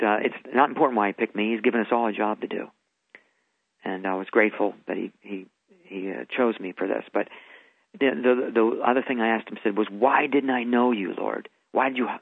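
A man's voice: fairly low pitch, no echo. A man earnestly telling his story as a guest on a radio interview, with emphatic delivery. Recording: phone-like radio broadcast audio.

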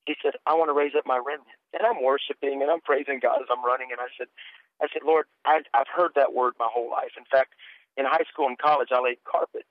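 A middle-aged man of medium pitch, a guest minister and author, shares his testimony during a radio interview. He tells it earnestly, stammering whenever he restarts a sentence. The audio is a dry, tinny phone line with no room sound.

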